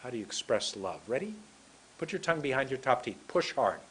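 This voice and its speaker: Guy teaching english pronunciation, husky voice, slow and careful, says words one at a time for you to repeat. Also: medium pitch, sing-song, fairly bright tone, poor audio. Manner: slow, deliberate, drills single words aloud. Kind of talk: recorded lesson.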